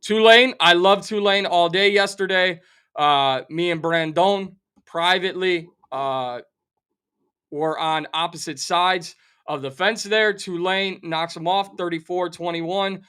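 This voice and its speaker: A middle-aged man rants on a sports betting show, animated and sarcastic, playing up his outrage. His voice sits high for a man and sounds sharp and forceful. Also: slow pace, clean tone. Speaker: sports talk show host. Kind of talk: fired-up sports betting rant.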